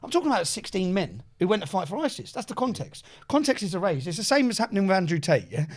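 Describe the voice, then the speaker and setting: A man's voice: high-pitched, big pitch swings, fast. A man, a podcast guest telling stories casually, swearing freely and acting out what others said. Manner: swears freely, acts out quoted dialogue. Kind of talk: casual storytelling.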